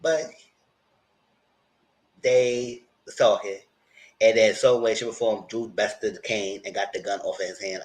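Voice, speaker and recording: A man's voice: fairly low pitch, measured pace, long pauses. A man hosting a casual live-chat recap of a TV series, chatty and acting out characters' lines. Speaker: channel host recapping a TV series.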